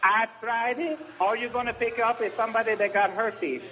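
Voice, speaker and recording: Combative caller on a muffled line. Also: male voice, very high-pitched, steady tone, normal speed, bright, forceful tone, slight background noise. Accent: Guatemalan Spanish. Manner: defiant, combative. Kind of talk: call-in radio argument. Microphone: telephone. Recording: muffled, reverberant phone line.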